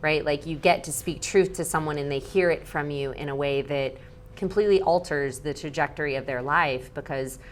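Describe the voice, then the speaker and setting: A deep-voiced woman in her thirties speaks as an interview guest, bubbly and quick to act out what others said. Her talk is loose and full of "like." A faint low rumble sits under the recording. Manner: bubbly, heavy use of "like", acts out quotes.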